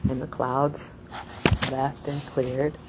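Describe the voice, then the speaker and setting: Low-voiced woman telling a rambling story. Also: little pitch movement, takes it slowly, heavy background noise. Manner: rambling, laughing, many "like" fillers. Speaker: poet. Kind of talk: anecdotal storytelling at a reading.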